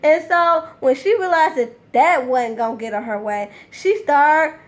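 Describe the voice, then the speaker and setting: Woman recap host, high bright voice, sassy, blunt, swears freely, chatty commentary. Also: measured pace, hardly any pauses. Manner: sassy, blunt and profane, animated retelling. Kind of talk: casual reality TV recap commentary.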